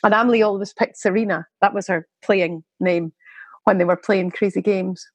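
A woman talking as a podcast guest in casual chat, mid-pitched. She rambles, breaks off her own sentences and laughs often. The sound is dry and close. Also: fairly even intonation, normal speed, slightly rough, no echo, poor audio. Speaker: guest parent.

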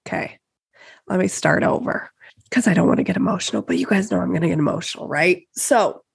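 A young adult woman hosting her own podcast, talking casually and candidly, swearing freely and getting excited. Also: medium pitch, moderate pace, vocal fry, slightly rough. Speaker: podcast host. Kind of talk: casual solo podcast talk.

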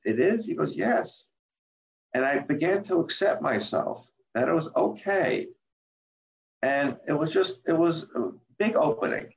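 An older man speaking as a guest about his life, halting and repeating words, acting out quoted lines in a livelier voice. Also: mid-range voice, gravelly. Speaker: guest, author and former medical center president. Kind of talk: candid interview talk. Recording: dull roomy remote recording.

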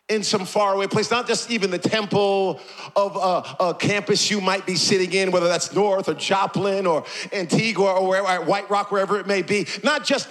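High-voiced passionate preacher man. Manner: passionate, repetitive, building to shouts. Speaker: pastor. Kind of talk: sermon.

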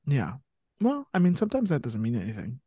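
A man co-hosts a relaxed podcast, quick with cheeky questions and playful teasing. His pitch sits in an ordinary middle range. The sound is dry and close, with no room around it. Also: slightly rough, no echo. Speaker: podcast co-host. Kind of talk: casual chat.

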